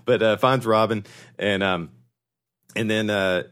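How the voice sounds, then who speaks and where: A man's voice: lowish voice, steady tone, measured pace, fairly bright tone, clear, resonant tone. A man co-hosting a comedy podcast, telling a story with many fillers and swearing. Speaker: podcast co-host. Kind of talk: casual comedic chat.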